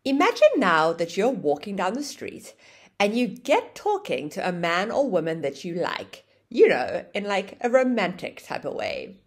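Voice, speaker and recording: A woman teaching an online English grammar lesson, explaining with a lively, sing-song intonation. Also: mid-range voice, normal speed, husky.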